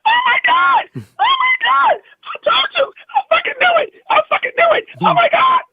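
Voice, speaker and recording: A man voicing his overjoyed wife in a shrieking falsetto, retelling a story on a podcast. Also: sing-song, moderate pace, shouting. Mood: ecstatic. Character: his wife shrieking with joy, grown woman. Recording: dull, dry podcast audio.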